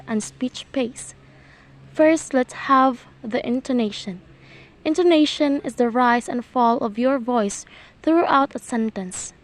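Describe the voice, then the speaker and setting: A woman's voice: high voice, low-quality recording. A young woman student reading her section of a class presentation, her sentences trailing off at the ends.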